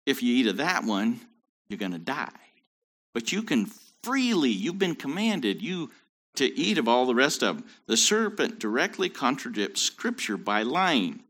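A man's voice: medium pitch, big pitch swings, a little slow, a bit bright. A man teaching a Bible study in a conversational way, with joking asides.

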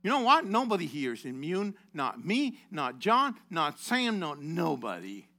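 Bright-voiced impassioned male preacher. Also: wildly swooping pitch, measured pace. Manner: rising to loud impassioned exhortation, then dropping low; addresses congregation members by name. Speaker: pastor. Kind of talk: sermon.

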